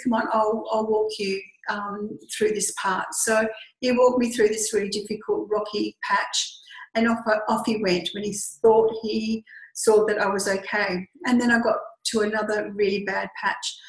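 A middle-aged woman from Western Australia with an Australian accent, a group tour leader earnestly telling a personal story and acting out the dialogue. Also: medium pitch. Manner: earnest, reflective, acts out quoted dialogue. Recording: echoey room.

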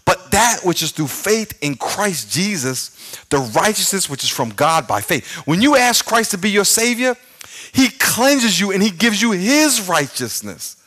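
A middle-aged man preaching a sermon as pastor, telling a story with shouted sound effects and playful, self-mocking humor. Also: sits high, very animated, unhurried. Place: large church.

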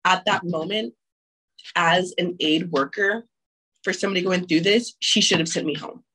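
A woman's voice: on the low side, moderate pace, a bit bright, husky, low-quality recording. A young woman telling her own abortion story frankly and candidly, with frequent restarts and casual swearing.

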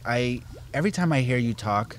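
A young man speaking as a guest on his father's podcast, reflective, with many fillers, and growing animated as he goes on. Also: mid-range voice, brisk, a little hiss or hum. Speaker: podcast guest, host's son. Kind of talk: casual family podcast chat.

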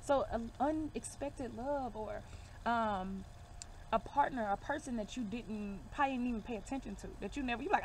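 Slight background noise sits under a woman's somewhat high voice at a moderate pace. She gives a casual card reading to camera, sounding emphatic and reassuring as she calls her viewers baby and y'all.

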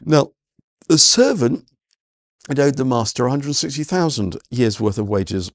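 A man's voice: medium pitch, big pitch swings, unhurried, no echo, clean studio sound. A man preaching a sermon, earnest and full of stammered restarts and "you know" fillers. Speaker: pastor.

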